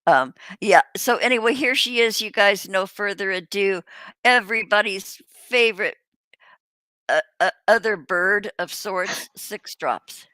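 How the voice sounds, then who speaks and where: An older woman hosting a casual livestream chat, rambling and halting with many fillers, restarts and the odd swear word. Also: mid-range voice, sharp tone, dry recording. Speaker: host.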